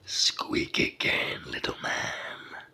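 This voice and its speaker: A storyteller with a sore throat and cold voicing a huge, delighted male giant in whispered role-play, drawing the words out slowly. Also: sharp tone, full character voice. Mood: teasing. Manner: slow, drawn-out whisper.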